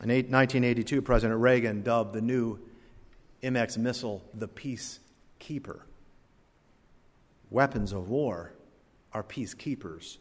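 A man preaching a sermon, swinging from loud emphasis to hushed asides and telling folksy stories. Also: mid-range voice, measured pace, pauses often. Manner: tells folksy stories with voiced characters. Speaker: pastor. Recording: long hall reverb.

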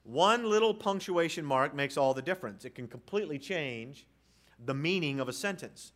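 Emphatic preacher man, loud then hushed. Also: animated. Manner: emphatic, swinging from loud declarations to hushed low lines; reads scripture aloud with deliberate slow pauses. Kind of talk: sermon. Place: church sanctuary.

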